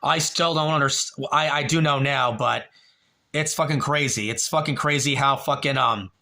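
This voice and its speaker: A man's voice: mid-range voice, moderate pace, gravelly, pushed and bright. A man on a home livestream, talking emotionally and rambling, with frequent swearing, addressing a viewer by name.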